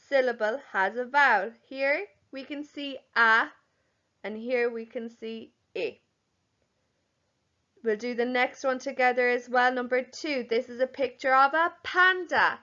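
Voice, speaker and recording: A young woman leads a home-learning lesson for infants, drawing out words slowly and clearly. Her voice sits high and bright. The recording is a little dull and lo-fi. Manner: slow, clear, sounding out words for young children. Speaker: primary school teacher. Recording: slightly dull, lo-fi audio.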